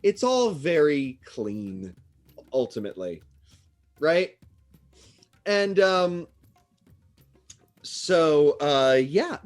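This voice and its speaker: A man narrating as game master, chatty and playful. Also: mid-range voice.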